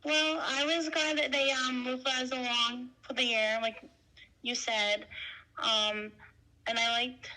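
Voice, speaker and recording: A woman joins a friend's casual video chat as a fellow fan. She gives short, agreeable answers with small hesitations, and her voice is bright and a little high. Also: level tone, takes it slowly, low-quality recording. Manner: brief, agreeable replies with hesitations.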